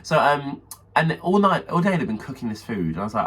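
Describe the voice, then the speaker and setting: A man's voice: mid-range voice, sing-song, brisk, a bit bright, husky. A man co-hosting a podcast, telling a story in casual chat, swearing freely and mimicking the people in it. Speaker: podcast co-host. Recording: distant mic with faint background noise.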